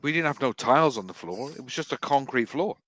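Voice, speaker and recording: A middle-aged man hosting a livestream, telling rough, swear-filled work stories on a video call. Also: medium pitch, animated, fast, a bit bright, no room sound. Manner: swearing, laughing anecdotes. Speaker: livestream host. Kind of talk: casual chat, storytelling.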